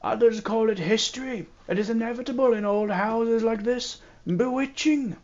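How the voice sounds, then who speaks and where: A man voicing a solemn, formal middle-aged priest who speaks in measured, pious phrases, raising his voice above his own. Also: extremely high pitch, darkish tone, dull audio, voice pushed up.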